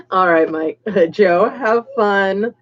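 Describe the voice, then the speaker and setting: A woman's voice: mid-range voice, lively intonation, extremely slow, slightly rough, dull audio. A woman hosting a casual livestream, chatting to viewers by name as she paints miniatures.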